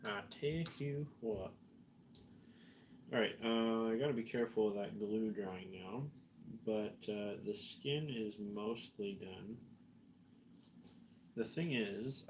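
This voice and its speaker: A man's voice: on the low side, a little slow, darkish tone, a little hiss or hum, poor audio. A Canadian man chatting in a rambling, self-mocking way while painting miniatures on a stream, a little tipsy. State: tipsy from drinking. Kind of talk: casual chat while painting.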